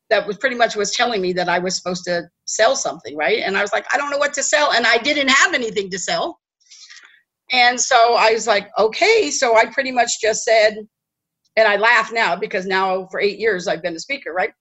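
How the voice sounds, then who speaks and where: A woman telling a personal story in a chatty, animated way, often checking in with her listeners. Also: mid-range voice, normal speed, rough recording. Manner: chatty, animated, tag questions. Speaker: host. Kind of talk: storytelling talk.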